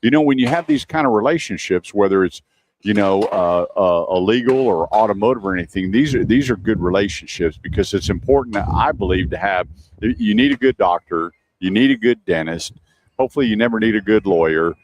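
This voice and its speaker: Chatty radio host, low voice. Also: male voice, expressive, brisk, a little mellow, slight background noise. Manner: chatty storyteller, laughs often. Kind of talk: casual radio talk. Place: outdoors at a shooting range.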